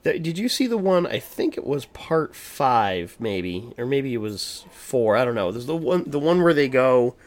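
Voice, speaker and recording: A man in a relaxed podcast conversation, middle of the road in pitch. He rambles, circles back on himself and swears freely to stress his opinions. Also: normal speed, few pauses. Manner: profane, emphatic, rambling with restarts. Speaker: podcast co-host. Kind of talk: casual horror movie chat.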